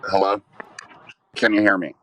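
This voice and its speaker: A man's voice: deep voice, fairly even intonation, normal speed, a bit bright. A man calling into a livestream, amused and laughing as he talks. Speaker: caller. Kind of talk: casual call-in chat.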